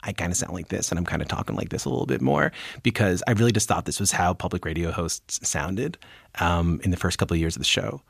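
A man imitating an affected public radio host, speaking softly and slowly in a mannered way. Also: sits low, gravelly, husky, no room sound, clean studio sound, full character voice.

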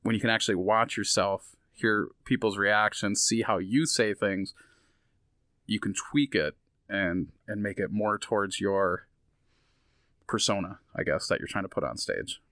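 A man with a low voice talks loosely on a podcast, trailing off and restarting his sentences, with lots of ums along the way. The sound is dry and close, with no room around it. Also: steady tone, a little slow, fairly bright tone, no room sound. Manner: rambling, many fillers and restarts. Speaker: comedian guest. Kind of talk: casual podcast chat.

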